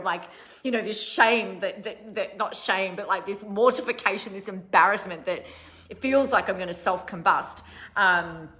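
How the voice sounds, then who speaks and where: Bright-voiced chatty woman. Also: medium pitch, moderate pace. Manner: chatty, laughing, self-mocking, breaks off mid-sentence. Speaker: online business coach. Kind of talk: casual livestream talk to followers.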